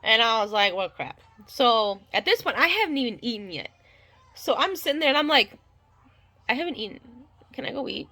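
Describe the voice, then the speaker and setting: A woman's voice: a little high, very animated, brisk, pushed and bright. A young woman casually telling her birth story, rambling with many fillers and restarts and acting out the dialogue.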